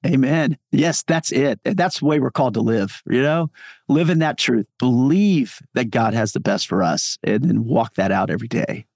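A man's voice: mid-range voice, animated, moderate pace, creaky, a little mellow, no echo. Earnest, encouraging pastor man, dry sound. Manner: earnest, encouraging, sermon-like with many fillers. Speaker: pastor and author guest. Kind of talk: podcast interview.

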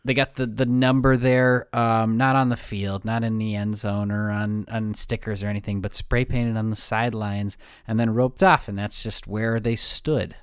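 A man's voice: on the low side, little pitch movement, moderate pace, few pauses, clear, resonant tone, no echo, clean studio sound. A man co-hosting a sports podcast in casual chat, easygoing and moving the talk from game to game. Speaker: podcast co-host.

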